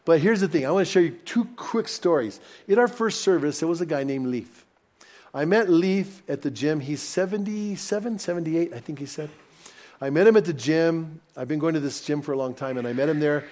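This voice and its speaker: A man preaching as a pastor, telling personal stories to his congregation with lively, rising excitement. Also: a little high, brisk. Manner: animated, personal anecdotes told warmly to a congregation. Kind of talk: sermon storytelling.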